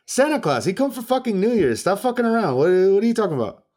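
A man's voice: very animated, fast, darkish tone. A man putting on a crude young foreign man with a voice pushed well above his own. He sounds brash and stubborn, cursing freely with total conviction. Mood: indignant. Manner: raised pitch, brash and cursing.

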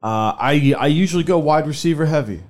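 A man's voice: a little high, expressive, fairly quick. A man co-hosting a sports podcast, talking casually and loosely, swearing often and laughing. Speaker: podcast co-host.

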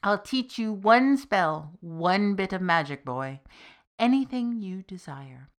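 A woman voicing a patient old male village wizard, giving careful instructions in a measured, storytelling cadence. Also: medium pitch, animated. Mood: instructive.

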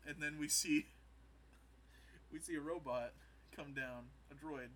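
A man in casual podcast chat, retelling comedy scenes and slipping into quick voices, often laughing. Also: fairly high pitch, fairly even intonation, fairly bright tone, slight background noise.

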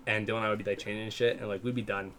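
A man's voice: lowish voice, level tone, racing, a bit bright, a little hiss or hum. A man in casual profane podcast chat, telling loose stories with frequent laughs. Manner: laughing, loose storytelling, heavy swearing.

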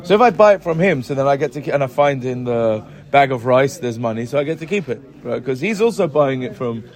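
A man teaching a Gemara class, explaining and checking with his students with frequent "right?" questions and halting restarts as he reads the text. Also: medium pitch, animated. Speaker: Talmud teacher. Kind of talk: Gemara class mixing English and Hebrew terms.

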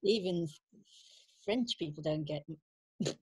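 A woman's voice: fairly low pitch, takes it slowly, darkish tone, slightly rough, no room sound. A woman chatting on a podcast, asking lots of questions in a teasing, slightly hesitant way. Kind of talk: casual chat.

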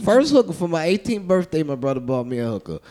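A man's voice: a little high, fast. A man telling a crude comic story on a podcast, acting out the people in it with lots of slang. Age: adult, calls himself old now. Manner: animated storyteller, crude slang, acts out voices.

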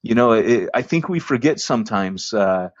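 A man's voice: lowish voice, expressive, moderate pace, breathy edge, no echo, lo-fi sound. A man hosting a church planting podcast, telling a long story casually, with lots of fillers and restarts.

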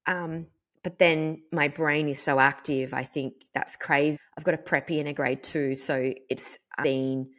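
A woman in her thirties, hosting a podcast and telling a personal story in a frank, animated way with casual swearing. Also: sits low, a little slow. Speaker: podcast host. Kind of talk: candid personal monologue.

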